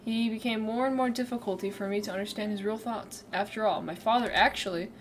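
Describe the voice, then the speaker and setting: A woman's voice: medium pitch, steady tone, a little fast, slight background noise. A woman streamer reading a game aloud, giggly, chatty, and self-mocking.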